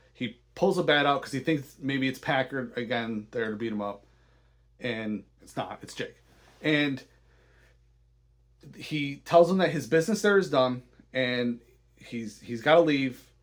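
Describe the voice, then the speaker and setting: A man casually recapping a film as host, clearly excited by what he describes. He often trips over his words and restarts sentences. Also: medium pitch. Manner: enthusiastic, halting with frequent restarts. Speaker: podcast host.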